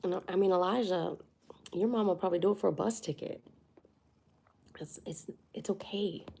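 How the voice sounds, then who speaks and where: A woman's voice: fairly low pitch, normal speed, gravelly, dark tone, breathy edge. A woman hosting a casual livestream, chatting candidly and laughing often. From United States. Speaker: livestream host.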